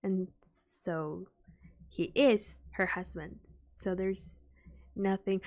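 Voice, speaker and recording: A young woman streaming a casual reaction chat, rambling with many fillers and soft sighs. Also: medium pitch, steady tone, slow pace, long pauses.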